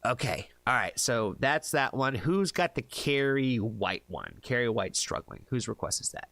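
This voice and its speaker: A man's voice: mid-range voice, big pitch swings, a little slow, gravelly, fairly bright tone, no room sound. A man from the United States hosting a casual livestream, chatty, laughing often and tripping over hard names. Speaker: livestream reaction host.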